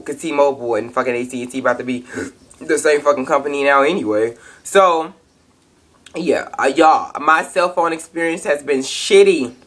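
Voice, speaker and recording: A woman's voice: a bass voice, a bit bright. A young woman, ranting angrily and profanely in a casual webcam vlog. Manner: angry, profane, emphatic ranting. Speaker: vlogger.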